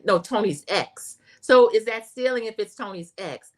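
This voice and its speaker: Woman host, casual recap chat, mid pitch, talks to viewers directly. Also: lively intonation, moderate pace. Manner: chatty, addresses viewers as y'all, reads chat comments aloud. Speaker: show host recapping reality TV. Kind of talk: casual recap commentary livestream.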